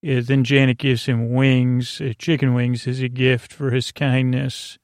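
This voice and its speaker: A man recaps a TV episode on his podcast, stumbling along with many fillers. His voice is gravelly and stays on an even, flat pitch. The recording is dry and close. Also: dry recording. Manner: halting, many fillers, reads quotes flatly. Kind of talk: casual solo recap.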